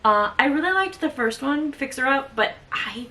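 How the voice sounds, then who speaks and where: A woman's voice: high voice, lively intonation, moderate pace, sharp tone, far from the mic. Young woman co-host, casual book chat: gushing and repetitive, recorded slightly off-mic. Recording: voice sitting off-mic.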